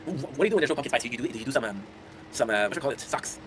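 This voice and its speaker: Fast-talking young man telling stories. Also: medium pitch, lively intonation, noisy background. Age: 20s. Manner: chatty, laughs often, addresses viewers directly. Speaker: content creator streaming to chat. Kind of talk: casual rambling storytelling.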